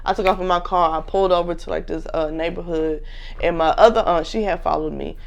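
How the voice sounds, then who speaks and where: A woman's voice: lowish voice, fairly even intonation, a little fast, vocal fry. A young woman in her twenties casually telling a personal story to viewers, candid and full of slang.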